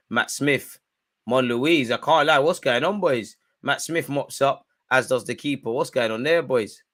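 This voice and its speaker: A young man hosting a football watch-along, commenting live and shouting at the referee. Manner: animated, shouts at the referee, spikes in pitch and volume.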